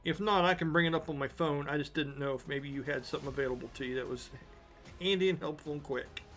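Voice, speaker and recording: A man running a tabletop game as game master, narrating scenes slowly and deliberately. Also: a little high, a bit bright, faint music behind.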